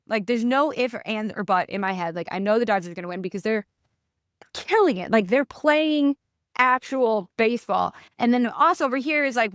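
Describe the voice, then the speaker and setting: A young woman with a New York accent, telling stories in a casual interview, animated and ranting, swearing freely. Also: a little high, fairly quick, smooth, no echo, studio quality. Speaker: guest.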